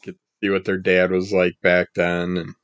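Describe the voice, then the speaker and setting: A man reviewing comic books in a casual, rambling monologue, his voice scratchy from the morning and his throat needing clearing. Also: deep voice, moderate pace, dry recording, dull audio. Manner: rambling, relaxed, trails off mid-sentence.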